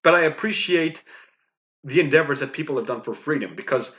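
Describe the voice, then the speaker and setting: A man's voice: on the high side, lively intonation, a little fast, a bit bright. A man from Greece, ranting in a mocking commentary full of fillers. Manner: emphatic, mocking, with many fillers and "okay?". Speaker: YouTube commentator. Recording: dull lo-fi mic.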